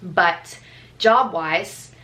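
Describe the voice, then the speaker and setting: A teenage girl vlogging, telling stories casually with lots of fillers and lively retellings. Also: on the low side, drawn-out words. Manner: chatty, filler-heavy, animated retellings. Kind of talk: casual storytelling.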